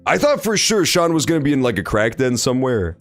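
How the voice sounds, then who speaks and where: Wildly animated young man streamer. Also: mid-range voice, a little fast, dry recording, soft background music. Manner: animated, reactive, swears often, loud outbursts. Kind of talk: let's play commentary.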